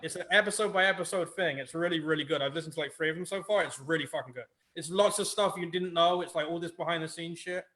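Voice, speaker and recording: A man's voice: on the high side, quick pace, few pauses, pushed and bright. A man chatting on a podcast, swearing constantly as he enthusiastically recommends shows. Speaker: podcast co-host. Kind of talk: casual chat.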